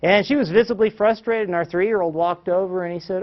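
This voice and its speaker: A man's voice: sits high, a little fast, muffled recording. A man presenting a parenting workshop, questioning the audience and acting out quotes with chuckles. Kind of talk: lively classroom-style teaching talk.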